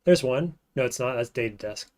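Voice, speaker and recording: A man streaming a roguelike, thinking aloud in casual gameplay commentary and often trailing off into quiet mutters. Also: medium pitch, animated, moderate pace.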